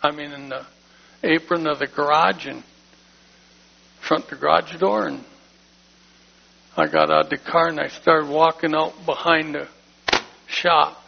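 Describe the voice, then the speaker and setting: A man's voice: a little high, fairly even intonation, a little slow, long pauses, a little hiss or hum. A man giving an emotional personal testimony in church, plain-spoken and heartfelt. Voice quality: gravelly, husky voice. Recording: dull lo-fi recording.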